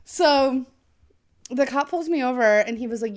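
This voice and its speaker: This young woman talks at normal speed in a mid-range voice. Co-hosting a podcast, she animatedly tells a story in casual chat, cursing frequently and performing the voices of the people she quotes.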